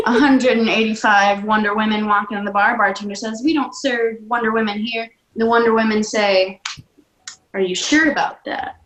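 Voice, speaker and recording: A woman improv performer telling a joke with a giggly, halting delivery. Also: on the high side, steady tone, a bit bright, echoey room, a little hiss or hum, rough recording.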